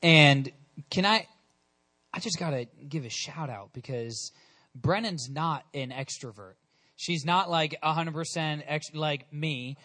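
A young male pastor with a high, bright voice preaches to his congregation. He talks in a chatty, energetic way, punching key words with sudden emphasis. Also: unhurried. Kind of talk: sermon.

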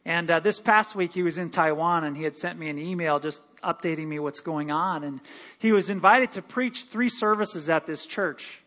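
Male pastor, high voice, animated sermon delivery, long hall reverb. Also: normal speed. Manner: animated preaching with laughs and quoted voices. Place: church sanctuary.

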